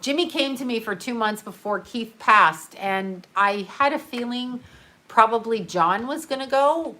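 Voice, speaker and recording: This middle-aged livestream host sounds a little high, pushed and bright, as she grieves and reads viewer comments. Her unscripted talk is halting and emotional, with lots of fillers, restarts, and casual swearing.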